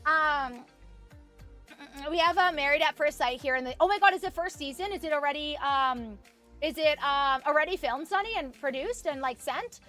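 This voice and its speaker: Soft music plays as a young Canadian vlogger sews and chats casually with live viewers, her voice sitting high with a bright, forceful tone at normal speed. She tells a rambling story, restarting often, saying "like" constantly, and laughing a lot.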